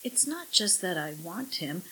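A woman's voice: fairly low pitch, sing-song, a little slow, pushed and bright, slight background noise, full character voice, poor audio. A woman voicing an easygoing young husband in an audiobook, speaking tentatively and often trailing off mid-sentence. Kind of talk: audiobook character voice.

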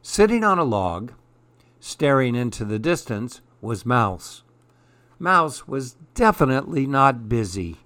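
A man reading a children's picture book aloud in a calm, measured storytelling way. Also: mid-range voice, no echo.

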